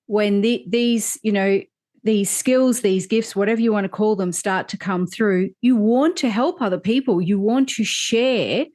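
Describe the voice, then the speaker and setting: A woman's voice: medium pitch, a little mellow. A woman hosting a spiritual podcast, talking in a reflective, earnest way and affirming her guest. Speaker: podcast host. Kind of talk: casual interview.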